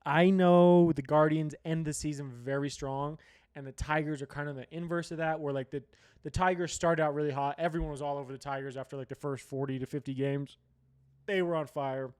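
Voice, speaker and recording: A man's voice: on the high side, fairly even intonation, a little fast, a little mellow, smooth. A man from Colorado hosting a sports show, ranting bluntly in casual talk with a lot of swearing and repeated restarts. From Colorado, USA. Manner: restless, restarts and repeats himself.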